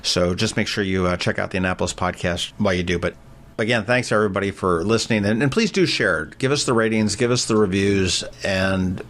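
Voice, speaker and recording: Laid-back lower-voiced man. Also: brisk, a bit bright. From Philadelphia. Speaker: co-host. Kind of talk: casual chat. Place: kitchen table at home.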